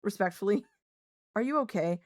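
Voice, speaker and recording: A woman's voice: mid-range voice, lively intonation, normal speed, darkish tone, no room sound. A young woman streaming live, chatting casually, laughing often, swearing freely and scolding her cat mid-sentence.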